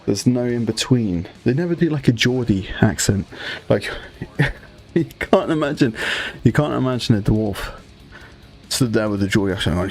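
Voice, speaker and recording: A man hosting a relaxed livestream, chatting casually with his viewers while painting miniatures, joking and swearing freely. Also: medium pitch, normal speed, pauses often, soft background music. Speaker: livestream host.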